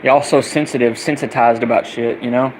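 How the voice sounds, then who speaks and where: A young man in an angry, profane rant that circles back on the same insults. His voice sits at an ordinary middle pitch, with a faint air-conditioner hum in the background. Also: steady tone, a little fast, darkish tone, rough recording. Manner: heated, profane, repetitive ranting. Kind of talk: angry political rant vlog.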